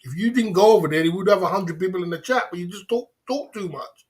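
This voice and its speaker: Man, high voice, tipsy, rambling livestream rant, laughs and swears. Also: fast talker. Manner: repetitive, laughing, swearing, drunk banter. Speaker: livestream host.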